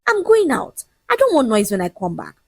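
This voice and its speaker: A woman's voice: a little high, wildly swooping pitch, vocal fry, darkish tone, breathy edge, no room sound, pitched above the performer's own voice, exaggerated voice. A woman voicing an arrogant, dismissive young man who mocks and lectures his fiancée. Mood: mocking. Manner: mocking, lecturing, raised and quick.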